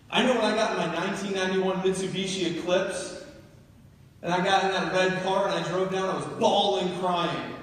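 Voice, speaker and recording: A man from New Jersey giving a motivational keynote speech, telling personal stories emphatically to a live audience in a large university hall. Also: a little high. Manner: emphatic storytelling, building to urgent peaks. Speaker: keynote speaker. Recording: echoey hall, heard from far off.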